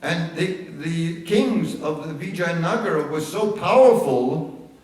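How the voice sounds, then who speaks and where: Slow-spoken man in an echoing hall. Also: a little high, lively intonation, darkish tone. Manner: unhurried, with fillers and restarts. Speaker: religious storyteller. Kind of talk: sermon storytelling. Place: large temple hall. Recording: echoey hall, voice far from mic.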